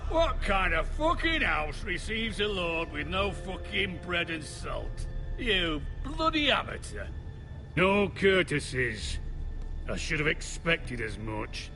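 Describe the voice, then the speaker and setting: An actor playing a hostile, foul-mouthed lord in a video game, shouting and swearing. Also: male voice, high-pitched, very animated, slow, faint music behind, full character voice. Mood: furious. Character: hostile, foul-mouthed northern lord, middle-aged man.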